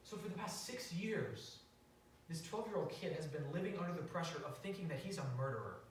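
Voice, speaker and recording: This young man preaches briskly and expressively, his voice a little high, telling a casual story with fillers and restarts. The sanctuary echoes heavily, the mic is far away, and a little hiss or hum lingers.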